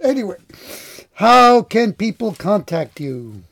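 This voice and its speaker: Male interview host from New York, higher-pitched, warm and encouraging questions. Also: very animated, slow, gravelly, dry recording. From New York, USA. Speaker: podcast host. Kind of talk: interview conversation.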